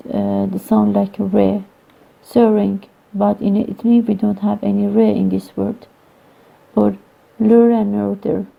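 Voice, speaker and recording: Woman lecturing haltingly over a tinny line. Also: medium pitch, vocal fry. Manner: halting, many "uh" pauses, non-native grammar. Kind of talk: recorded phonology lecture. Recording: tinny phone-like lo-fi recording.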